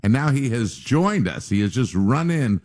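A man's voice: mid-range voice, sing-song, moderate pace, darkish tone. A man who is a team president, chatting and praising his staff in a casual radio interview.

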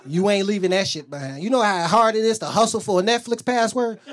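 A man's voice: high-pitched, expressive, fairly quick, few pauses, fairly bright tone. A young man doing a profane stand-up routine, telling stories and acting out quotes. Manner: profane, storytelling, acts out quotes, audience laughs. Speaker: stand-up comedian.

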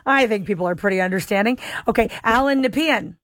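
A woman's voice: fairly high pitch, quick pace, a bit bright, dry recording. A woman hosting a radio call-in show, reading listener questions in a light, playful manner. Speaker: radio host.

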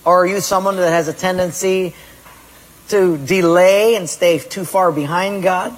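A pastor preaching to his congregation, with a husky, fairly high voice. His words ring out with long reverb in a church hall. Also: fairly even intonation, unhurried. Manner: questions the congregation directly, storytelling. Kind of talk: sermon.

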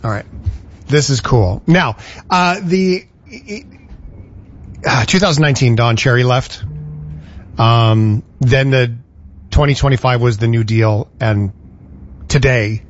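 A man's voice: mid-range voice, takes it slowly, long pauses, highs cut off. A man co-hosting a casual chat, eagerly urging his partner on. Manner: enthusiastic, eggs on his partner. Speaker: podcast co-host.

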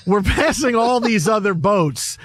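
Sports radio host, male, high voice, dry studio sound, rambling animated storyteller. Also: measured pace, no room sound. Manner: animated storytelling, many restarts and fillers. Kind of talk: casual sports talk.

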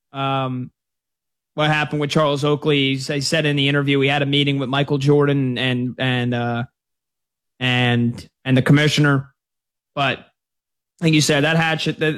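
A man's voice: a little high, fairly bright tone. A man hosting a sports talk radio show, chatting conversationally and taking calls. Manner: conversational, quick asides.

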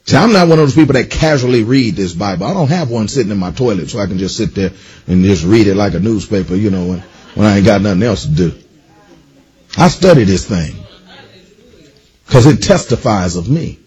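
A man's voice: medium pitch, warm tone, breathy edge, dull audio. A man preaching a sermon with emphatic, rhythmic delivery and casual, joking asides. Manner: emphatic call-and-response preaching; informal, playful asides.

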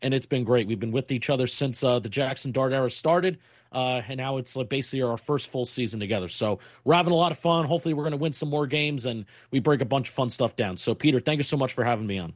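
A man's voice: mid-range voice, fast, dry recording, studio quality. A man casually describing his own sports podcast as a guest. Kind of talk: casual plug of his show.

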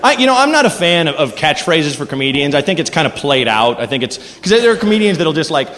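A man doing a stand-up set on a club stage, animated and jokey. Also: a little high, fast talker, a faint crowd. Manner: animated, jokey, acts out voices. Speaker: stand-up comedian. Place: comedy club stage before a live audience. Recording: live club recording with long reverb and background noise.

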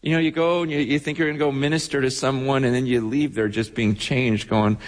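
A man's voice: medium pitch, steady tone, a little fast, hardly any pauses. A man preaching a sermon as pastor, telling stories earnestly and often repeating words as he goes. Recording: echoey hall with long reverb.

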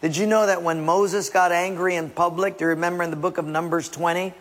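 A man preaching a sermon with a gravelly, husky voice, acting out scenes in changing voices. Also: sits high, steady tone, a little fast, fairly bright tone. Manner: acts out biblical and household scenes in shifting voices. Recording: long reverb of a large hall.

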